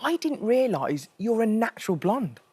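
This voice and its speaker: A woman's voice: on the high side, very animated, normal speed, darkish tone, slightly rough, no echo. Playful Birmingham-accented woman host. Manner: playful, teasing. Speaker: talk show co-host. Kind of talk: casual chat.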